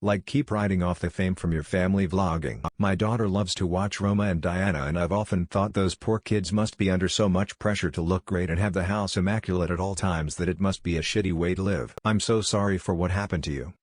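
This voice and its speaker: Male narrator, very low voice, dry close sound, even delivery for post read-outs. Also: a little fast, hardly any pauses, no room sound. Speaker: narrator reading forum posts. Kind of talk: scripted narration.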